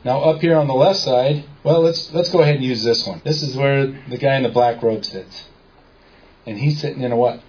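At a moderate pace and with a darkish tone, a man of medium pitch gives a small audience an informal lecture. He is a seminar speaker who tells stories, quotes people in dialogue, and questions the listeners, recorded in dull lo-fi sound with faint noise behind.

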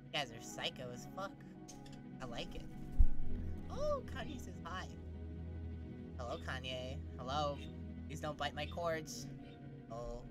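A man's voice: medium pitch, unhurried, pauses often, loud music behind the voice. A man streaming live from home into a desk mic, chatting loosely with his viewers, swearing often and scattered in his thoughts. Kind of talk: casual live-stream chat. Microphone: desk microphone.

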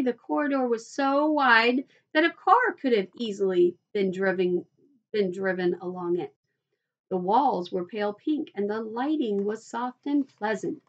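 Teacher lady reading a kids book, high voice, kinda muffled lo-fi. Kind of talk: reading a children's book aloud.

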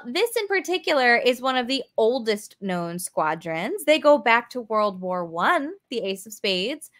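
Young female museum educator, bright, slightly high voice, chatty and upbeat. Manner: upbeat, chatty, answers viewer comments. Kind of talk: live virtual museum tour. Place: aircraft museum hangar.

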